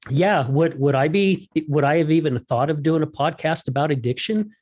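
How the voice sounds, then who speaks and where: A man's voice: a little high, normal speed, darkish tone. A man hosting a podcast, talking conversationally and often saying "you know". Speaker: podcast host. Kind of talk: casual chat.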